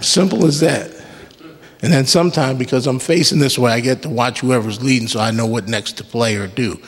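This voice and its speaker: In a church sanctuary, a worship leader preaches fairly quickly in a mid-range voice. He is emphatic, mixing call-and-response with casual asides that joke around, and the sound carries a church hall's long reverb.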